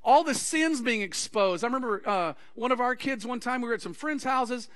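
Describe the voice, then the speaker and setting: A male pastor preaching a sermon to his congregation, acting out anecdotes and quoted conversations with lively energy. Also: very high-pitched, normal speed. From Texas. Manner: animated preaching with acted-out anecdotes. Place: church sanctuary.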